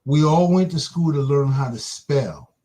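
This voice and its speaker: A man hosting an online broadcast gives an impassioned religious monologue, firing off rhetorical questions that taunt the listener. His mid-range voice is animated and warm.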